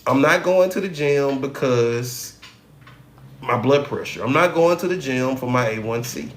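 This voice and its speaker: Animated middle-aged male hypnotherapist. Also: medium pitch, unhurried. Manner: conversational and animated, with rhetorical questions to viewers. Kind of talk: live teaching talk. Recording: roomy room with faint noise.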